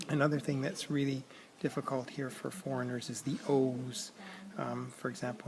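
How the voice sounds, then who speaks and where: Halting man with a gravelly voice. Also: mid-range voice, little pitch movement, low-quality recording. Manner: halting, many ums and throat clearing. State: voice cracking. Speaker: vlogger learning a language abroad. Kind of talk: casual video diary. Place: busy public place at a concert hall. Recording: crowd noise behind.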